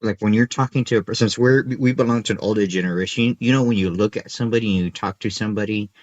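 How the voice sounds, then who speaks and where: A man in his thirties co-hosting a podcast, telling animated, profane stories in casual chat. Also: fairly low pitch, fast talker, no echo. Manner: animated storyteller, profane, acts out kids' voices. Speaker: podcast co-host. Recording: dull, slightly lo-fi podcast audio.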